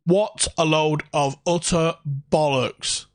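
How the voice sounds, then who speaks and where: A man's voice: on the high side, steady tone, takes it slowly, no room sound, studio quality. Sweary ranting man. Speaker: fan channel host. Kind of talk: casual livestream chat. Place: home.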